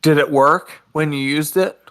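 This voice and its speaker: A man's voice: a little high, fairly even intonation, moderate pace, a bit bright, smooth. A man playing a tabletop game who halts and loses his thread with many ums while explaining a rule. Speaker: player.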